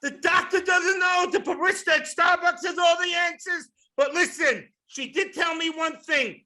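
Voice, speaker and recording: A man in his sixties doing a stand-up comedy set in a club, with a loud, punchy delivery, swearing and shouting his punchlines. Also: very high-pitched, moderate pace, few pauses. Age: 60s.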